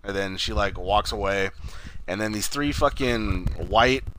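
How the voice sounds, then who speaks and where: A man's voice: fairly low pitch, a little slow, fairly bright tone, slight background noise, low-quality recording. Swearing, rambling man recapping a show. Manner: rambling, swears a lot, acts out quotes. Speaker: podcast co-host. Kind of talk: casual chat recapping a TV episode.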